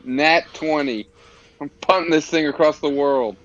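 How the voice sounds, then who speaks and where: A man's voice: a little high, measured pace, fairly bright tone, lo-fi sound. A man playing a tabletop game, blunt and eager for action. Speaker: player. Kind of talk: casual tabletop play.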